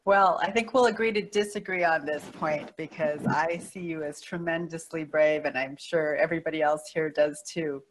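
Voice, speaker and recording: A woman with a fairly low-pitched voice hosts an interview. She asks her guest questions, praising her and adding laughing asides along the way. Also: normal speed, few pauses, slight background noise, rough recording. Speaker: interview host.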